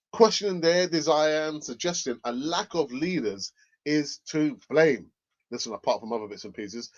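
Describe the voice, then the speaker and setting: Football host, animated and exclamatory, fairly high, swoopy voice, dull lo-fi sound. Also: male voice. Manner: animated, laughs often, exclaims. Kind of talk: casual football news commentary. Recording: dull lo-fi audio.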